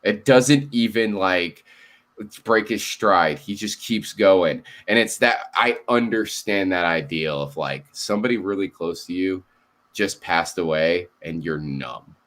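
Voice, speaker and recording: A man co-hosting a casual chat, animated and swearing freely, laughing often and acting out quotes. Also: low-pitched, measured pace. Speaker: co-host.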